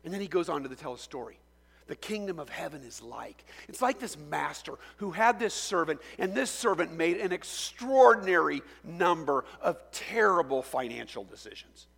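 A man's voice: on the high side, lively intonation, normal speed, gravelly, a bit bright, in a large hall. A man pastor preaching a sermon, telling the story with energy and asking many rhetorical questions.

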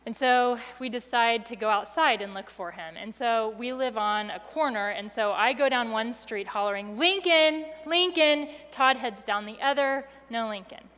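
A woman telling a personal story to an audience with expressive delivery, going soft and quiet at the tense moments. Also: a little high, normal speed, hardly any pauses, smooth, long reverb tail.

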